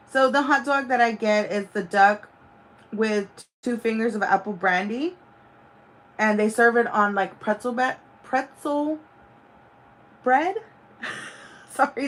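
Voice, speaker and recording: Woman chatting casually on a livestream. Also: mid-range voice. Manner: rambling and profane, with many fillers. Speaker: livestream host. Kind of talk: casual chat.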